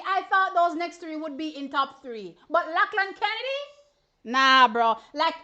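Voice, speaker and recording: A woman with a Jamaican accent hosting an animated live reaction stream about track races, excitable and exclamatory, with chatty asides to her viewers. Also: very high voice, moderate pace, highs cut off. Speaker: track and field stream host.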